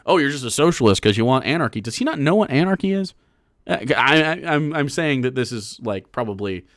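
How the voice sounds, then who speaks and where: A man's voice: mid-range voice, fairly bright tone. A young man reacting to a video on stream, with casual, profane commentary and laughing asides.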